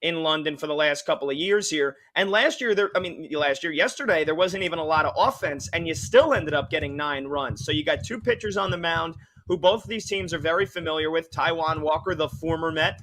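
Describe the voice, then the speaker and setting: A man's voice: a little high, fairly quick, few pauses, fairly bright tone. A man hosting sports betting radio, explaining a pick in a rambling, filler-heavy way. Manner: rambling, with many fillers and restarts. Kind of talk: casual betting analysis.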